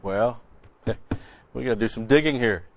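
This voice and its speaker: A man's voice: medium pitch, a little slow, no echo, lo-fi sound. A man preaching a conversational sermon, folksy and blunt, quoting scripture and restarting his sentences often.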